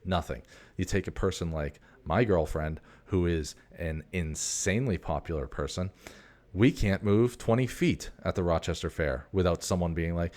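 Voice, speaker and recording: A man's voice: fairly low pitch, moderate pace, darkish tone. A man in his forties hosting a casual, rambling monologue, a profane storyteller who keeps drifting off on tangents. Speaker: host.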